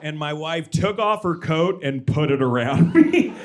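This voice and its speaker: A man performing a stand-up comedy set on a club stage, telling energetic stories with loud shouted impressions and quick asides. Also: on the high side.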